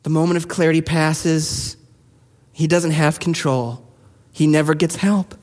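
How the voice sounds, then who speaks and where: A man preaching a sermon, his voice sitting high for a man. He talks to the congregation conversationally and turns animated when telling stories. The sound carries a long reverb tail from the church hall. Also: measured pace. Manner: conversational, animated storytelling with rising intensity. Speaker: pastor.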